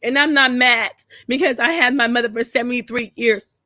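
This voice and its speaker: A woman's voice: on the high side, fairly even intonation, moderate pace, sharp tone, no room sound, studio quality. A crying woman pouring out a profane, repetitive rant to her camera, speaking. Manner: tearful, repeating herself, profane. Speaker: vlogger. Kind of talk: emotional personal rant to camera.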